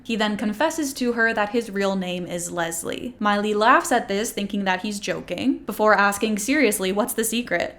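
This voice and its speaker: A woman hosting a video essay, recapping a TV show in chatty, opinionated commentary and musing aloud about each scene. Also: medium pitch.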